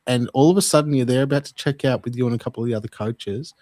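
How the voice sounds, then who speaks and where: A man with an Australian accent hosting a podcast, measured and storytelling as he steers the conversation. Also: medium pitch, very noisy. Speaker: podcast host. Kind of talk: casual chat.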